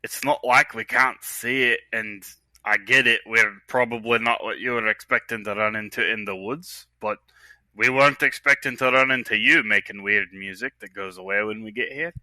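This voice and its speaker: Man as a blunt, wry warrior, lower voice, very bright and dry. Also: steady tone, normal speed, no room sound, low-quality recording. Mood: skeptical. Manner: frank and wry, says "lad". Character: blunt, sturdy male warrior.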